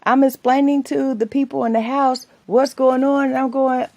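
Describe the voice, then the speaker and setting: A woman's voice: high voice, little pitch movement, moderate pace, warm tone. A woman vlogger chatting casually to camera, rambling through everyday anecdotes and laughing between them. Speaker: soap maker and vlogger.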